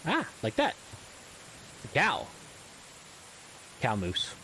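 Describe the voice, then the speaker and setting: A man's voice: mid-range voice, wildly swooping pitch, slow pace, pushed and bright, slight background noise, low-quality recording. Rambling man commenting on gameplay. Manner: rambling, self-deprecating, frequent ums and uhs. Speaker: let's play gamer.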